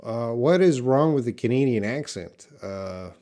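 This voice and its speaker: Mellow-voiced man teaching English live. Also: mid-range voice, measured pace. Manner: relaxed, thinking aloud with many fillers. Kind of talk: live Q&A lesson, reading chat comments.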